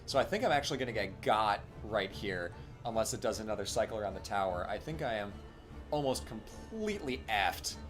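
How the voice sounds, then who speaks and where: A man's voice: on the low side, big pitch swings, fairly quick, faint music behind. A man chatting casually while playing a video game on stream, explaining history as he goes and laughing often. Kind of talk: casual gameplay commentary.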